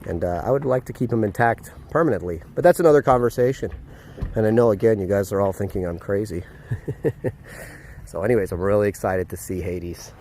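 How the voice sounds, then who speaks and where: A man vlogging casually outdoors at a horse paddock, excited and chatty, with lots of fillers, filmed on a handheld phone. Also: fairly low pitch, brisk, slight background noise. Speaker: vlogger, dog trainer. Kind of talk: casual vlog to camera.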